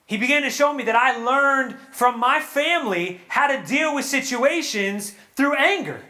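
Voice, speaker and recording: A man preaching at a young adult retreat, earnest and animated, acting out prayers and quotes before a live audience. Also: very high voice, moderate pace. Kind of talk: sermon.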